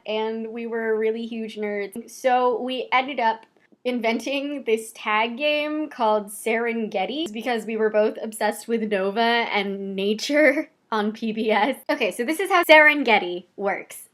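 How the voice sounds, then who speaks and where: Chatty young woman with a higher voice. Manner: chatty and animated, with quick asides. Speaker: vlogger. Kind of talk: casual personal storytelling to camera.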